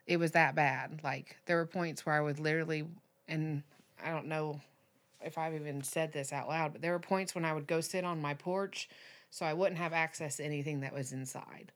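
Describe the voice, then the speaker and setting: A deep-voiced woman in her thirties, appearing as a podcast guest, shares a personal story candidly. Her intonation stays fairly even as she stumbles through halting restarts and fillers.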